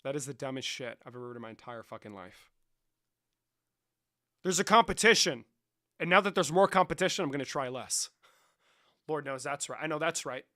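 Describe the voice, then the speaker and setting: A man's voice: mid-range voice, expressive, fairly quick, long pauses, pushed and bright. A young adult man streaming live, chatting casually with his chat in a profane, rambling and joking way. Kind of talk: casual livestream chat, answering chat.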